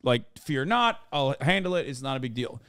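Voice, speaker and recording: A man casually telling a story on a podcast, animated and swearing freely, acting out the people in it. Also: medium pitch, moderate pace, clear, resonant tone, no echo, studio quality. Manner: animated, swears, acts out quoted officials.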